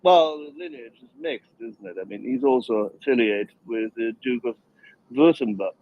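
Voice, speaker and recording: A man's voice: medium pitch, normal speed, narrow, tinny audio. A man on a casual online panel, insistent and making his point again and again. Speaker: panel participant.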